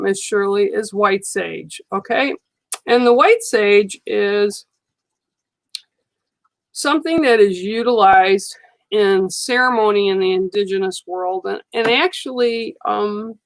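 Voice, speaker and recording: A woman giving a live card reading to viewers, speaking in a slow, soothing and reassuring way, often checking in with "okay?". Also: medium pitch, no room sound, poor audio. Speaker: psychic card reader on a livestream. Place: studio.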